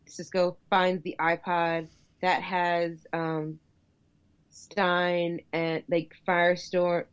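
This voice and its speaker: A woman in casual chat about a TV episode, blunt and swearing, often chiming in with short agreements. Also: fairly low pitch. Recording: dull lo-fi mic.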